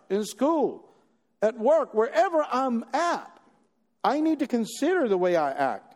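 A man preaching a sermon, animated, using rhetorical questions and building to emphatic peaks. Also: high-pitched, normal speed. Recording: long echoey hall reverb.

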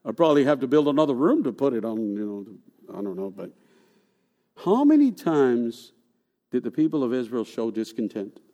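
A man preaching a sermon in an animated way. He asks rhetorical questions and repeats words for emphasis. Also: medium pitch, normal speed. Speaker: pastor.

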